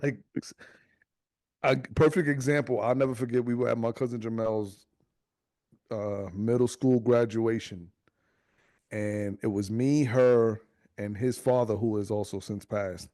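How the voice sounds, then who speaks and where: Slightly slow in delivery, this podcast co-host is a young adult man recounting a family tale over clean studio audio with no room sound. He narrates casually and animatedly, cursing freely and mimicking the characters in high-pitched voices.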